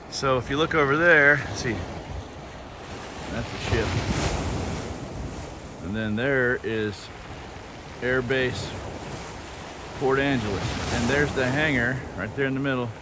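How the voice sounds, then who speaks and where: A man hikes along a coastal trail and chats casually to his camera, rambling as he goes. He has a mid-range voice, speaks slowly with long pauses, and heavy background noise surrounds him.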